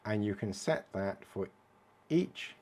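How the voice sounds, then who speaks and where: British male watch reviewer, unhurried delivery, lowish voice, giggly asides. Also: lively intonation, a little mellow. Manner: chatty, giggles at his own jokes. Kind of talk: casual product demo.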